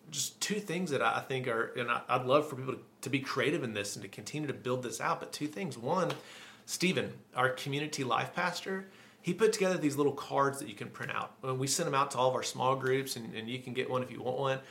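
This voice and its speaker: A man pastor preaching a sermon in a conversational way, often repeating a word as he restarts a phrase and slowing down to stress key points. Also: mid-range voice, creaky, a bit bright.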